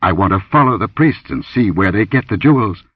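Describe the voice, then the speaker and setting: A man voicing a blunt, commanding barbarian warrior in an audiobook, gruff and grunting. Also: on the low side, lively intonation, fairly quick, no room sound, distant mic, muffled recording.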